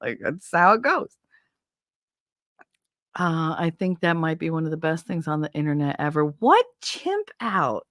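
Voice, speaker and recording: A woman's voice: deep voice, sing-song, unhurried, fairly bright tone, dry recording, clean studio sound. A woman hosting a casual livestream from a home setup on a desk microphone. She rambles in loose, stream-of-consciousness chat, swears freely and laughs often. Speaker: livestream host.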